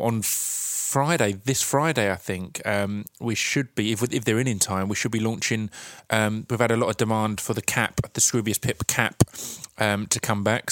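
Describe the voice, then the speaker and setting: A man's voice: fairly low pitch, fairly bright tone, no room sound, clean studio sound. A man with an Essex accent hosting his podcast, talking in a chatty, rambling way with many fillers and restarts. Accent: Essex English. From Essex, England. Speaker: podcast host. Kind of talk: casual solo podcast intro.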